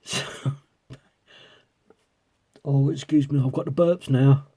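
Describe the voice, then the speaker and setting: A coin collector vlogs in a warm, steady mid-range voice at a slow pace. Chatting casually with viewers, he rambles on with a magnifier to his eye and breaks into laughter over and over.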